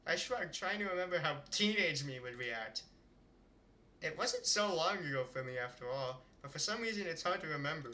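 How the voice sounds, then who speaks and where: Bright-voiced man reading a visual novel. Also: a little high, a little fast, slight background noise. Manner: chatty, rambling, laughs often. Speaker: streamer.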